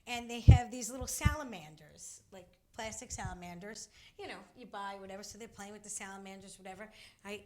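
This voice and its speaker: A middle-aged woman co-hosting a casual talk show, telling a family story in an animated way. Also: mid-range voice, a little fast. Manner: animated storytelling, acts out voices. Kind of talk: casual chat.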